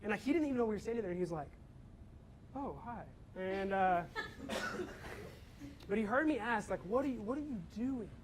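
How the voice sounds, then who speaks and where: Addressing a student audience, a young man from campus ministry animatedly tells a story, voicing the characters and performing his own shouting. His voice is fairly high and his pace moderate, with long pauses, while faint noise sits in the background.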